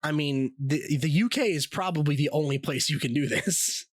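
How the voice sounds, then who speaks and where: Animated man telling stories, dry sound. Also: on the high side, normal speed, dry recording. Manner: animated storytelling, swears freely, laughs often. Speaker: podcast host. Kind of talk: casual podcast chat.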